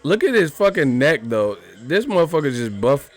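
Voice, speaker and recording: A man's voice: fairly high pitch, sing-song, normal speed. A man chatting casually on a live boxing stream, swearing, joking and laughing often.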